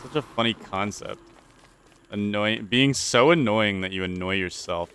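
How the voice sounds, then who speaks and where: Young male let's-play host, lowish voice with a bright, tense edge, goofy rambling asides. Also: unhurried, slight background noise. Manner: goofy, rambling, talks to his viewers. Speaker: gaming channel host.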